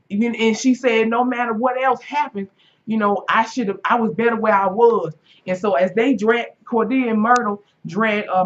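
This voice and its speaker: Animated woman recapping with sound effects. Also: medium pitch. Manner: animated storytelling, acting out quotes and making sound effects; slangy and profane. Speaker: TV episode reviewer. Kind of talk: casual episode recap. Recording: dull lo-fi recording.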